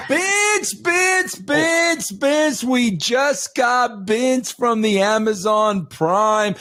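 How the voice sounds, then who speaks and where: A man's voice: very high voice, drawn-out words, sharp tone, soft background music, heavily acted. A man voicing a nervous male assistant who keeps pleading with the boss and repeating his name. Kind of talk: comedic improv role-play.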